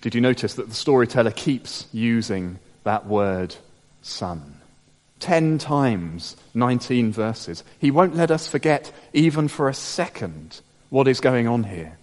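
Man preaching a dramatic sermon in a hall. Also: expressive. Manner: dramatic, slowing to hushed low tones and rising to emphatic peaks. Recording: long reverb of a large hall.

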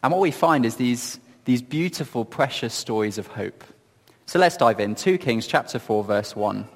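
A man giving reflective Bible teaching in a gentle, earnest storytelling manner, often asking questions of his listeners. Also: medium pitch, animated, moderate pace, in a large hall. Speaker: preacher.

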